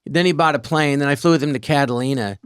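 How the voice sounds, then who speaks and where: Animated storytelling man, dry sound. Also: on the high side, clean tone, no room sound. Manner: animated, slips into quick character voices. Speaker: guest comedian. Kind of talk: live podcast storytelling. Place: theater stage.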